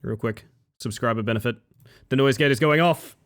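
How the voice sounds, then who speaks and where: On a live stream, a man chats casually and briskly with viewers, excitable and quick to swear and laugh. He swings between loud outbursts and soft, low asides.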